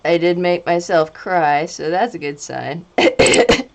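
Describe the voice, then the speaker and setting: A woman's voice: on the low side, animated, a little slow, gravelly. A woman streaming live while painting, chatting casually, laughing often and breaking into silly singing.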